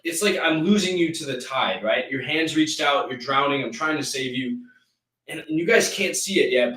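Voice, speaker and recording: A man's voice: mid-range voice, a bit bright, echoey room, distant mic, low-quality recording. Preachy man ranting on a live stream. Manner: intense, preachy, rambling with restarts. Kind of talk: motivational live-stream rant.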